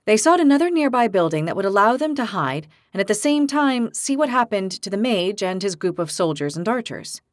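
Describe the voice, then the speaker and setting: A woman narrating a fantasy audiobook in a steady, measured reading. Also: medium pitch, no room sound, studio quality. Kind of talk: scripted narration.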